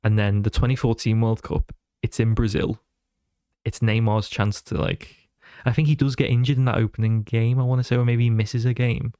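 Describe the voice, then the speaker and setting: Male podcast guest, animated storyteller, dry close mic. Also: mid-range voice, moderate pace, no echo. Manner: animated storyteller who slips into voices. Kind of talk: casual chat.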